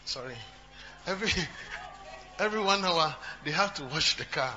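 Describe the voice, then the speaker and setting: A man's voice: on the high side, expressive, normal speed, bright, forceful tone. Pastor preaching to his church. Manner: repetitive, talks to the congregation, jokes and asks questions. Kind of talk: sermon. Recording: dull recording with humming noise.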